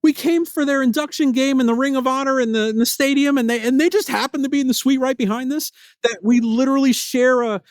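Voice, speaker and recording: A man hosting his own podcast, telling stories in an animated way, often restarting his sentences. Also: very high voice, fast, no echo. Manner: animated, repetitive restarts, excited storytelling. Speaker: podcast host. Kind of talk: solo podcast storytelling.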